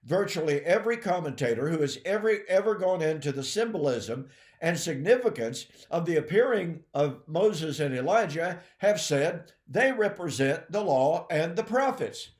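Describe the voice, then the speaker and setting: Emphatic preaching man, lively high voice. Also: normal speed, roomy sound. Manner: emphatic, addresses listeners as folks and ladies and gentlemen; frequent throat clearing. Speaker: Bible teacher. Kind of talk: preaching Bible teaching.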